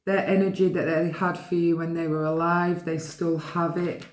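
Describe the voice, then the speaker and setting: A woman giving a pick-a-card reading, gently and affectionately reading the card messages aloud to her viewers. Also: sits low, fairly even intonation, moderate pace, few pauses, reverberant. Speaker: tarot card reader.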